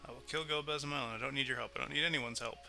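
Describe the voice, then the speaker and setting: A man voicing a grieving, vengeful old male sage in a video game, talking in a gruff, clipped, threatening way. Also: mid-range voice, fairly even intonation, very fast, bright, forceful tone, faint music behind. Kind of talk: reading game dialogue aloud.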